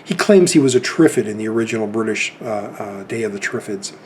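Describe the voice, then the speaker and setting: A man's voice: fairly low pitch, lively intonation, brisk, darkish tone, a little hiss or hum. A man in his fifties telling rambling anecdotes in a casual chat about his film collection.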